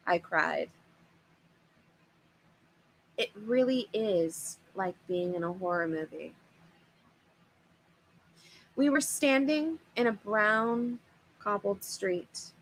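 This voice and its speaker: A woman reading a children's horror book aloud in an expressive, animated way. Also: mid-range voice, takes it slowly, long pauses, slight background noise, low-quality recording. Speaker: storyteller.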